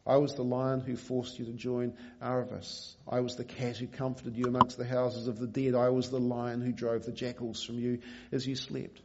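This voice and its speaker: A man reading aloud and voicing a great lion with a grave, quiet, slow delivery. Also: medium pitch, level tone, big-room sound, lo-fi sound, slight background noise, close to an everyday voice. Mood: solemn. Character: great lion, deep solemn male voice.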